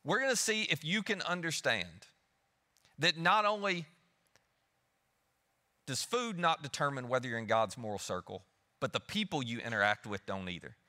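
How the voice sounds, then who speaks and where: A man voicing a patient male teacher who calmly and gently challenges his friends, inside a sermon. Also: medium pitch, moderate pace, long pauses. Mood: coaxing. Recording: long reverb of a church hall.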